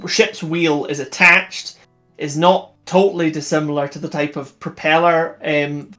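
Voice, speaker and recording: A man co-hosting a casual livestream, enthusiastic and laughing often, with rambling restarts. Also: fairly high pitch. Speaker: co-host.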